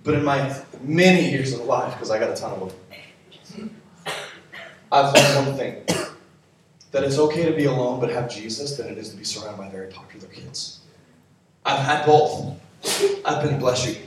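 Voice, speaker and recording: A man's voice: mid-range voice, moderate pace, pauses often, a little hiss or hum. Young male youth pastor, playful preaching, far from the mic in a big echoey hall. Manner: playful, joking asides to the audience. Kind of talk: youth sermon with live demonstration.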